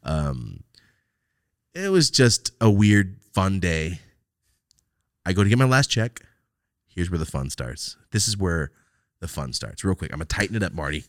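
A man hosting a podcast, telling a story in a profane, animated way and acting out both sides of the exchange. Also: low-pitched, moderate pace, long pauses, no echo, clean studio sound. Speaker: podcast host. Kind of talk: casual storytelling chat.

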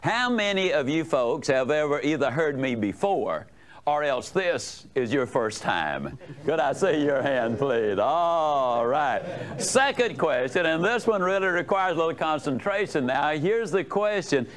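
A man delivering a motivational talk with a fairly high voice that swings widely up and down. He tells folksy, joking stories and puts questions to his listeners. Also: sing-song, unhurried. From United States. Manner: folksy, humorous storytelling with audience questions. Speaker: motivational speaker. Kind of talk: motivational lecture to a live audience.

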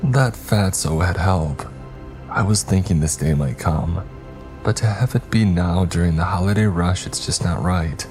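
A frail old goat-creature granny speaks in a weak, unhurried drawl, as a man reads her out. The voice sits deep and dark, with blunt, tired warnings in a spooky storybook. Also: soft background music. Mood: weary, blunt. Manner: slow, weak, grumbling.

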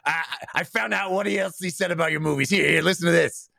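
A man briefly voicing a gruff male PR agent in a casual podcast chat. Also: a little high, quick pace, sharp tone, no room sound, studio quality, voice pushed up, full character voice.

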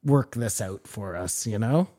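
A man's voice: fairly low pitch, expressive, a little slow, dark tone. A man co-hosting a casual podcast, pushy and pressing the same question again and again. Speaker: podcast co-host. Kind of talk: casual chat.

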